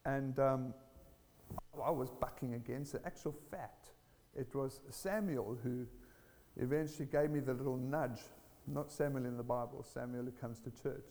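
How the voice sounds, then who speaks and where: A man preaching a sermon, telling a personal testimony in an earnest, animated way. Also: medium pitch, normal speed, big-room sound, slight background noise.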